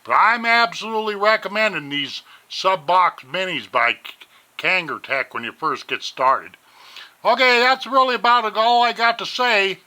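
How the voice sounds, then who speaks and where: A man's voice: sits high, normal speed. A man from Montana, rambling folksily through a casual product review at home on a webcam. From Montana, USA. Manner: folksy, rambling, addresses viewers as ladies and gentlemen. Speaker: vlogger reviewing vape gear.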